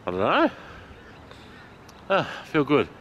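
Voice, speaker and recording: A man vlogging outdoors while walking, out of breath, excited and chatty, laughing often. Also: a little high, slow pace, dull audio, a little hiss or hum. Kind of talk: casual vlog while walking. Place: outdoors in a park.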